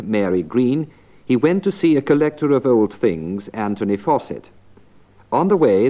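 Male narrator and teacher, measured and clear, lively intonation. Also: medium pitch. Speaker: language course narrator and teacher. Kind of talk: scripted narration and explanation. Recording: dull lo-fi old tape.

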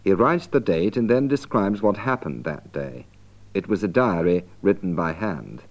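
A man giving slow, deliberate scripted narration for language learners. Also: sits low, lively intonation, dull audio.

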